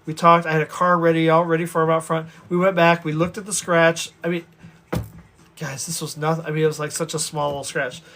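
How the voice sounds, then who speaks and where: Male storyteller, high and quick, casual and animated, rambling with frequent restarts. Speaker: vlogger telling stories.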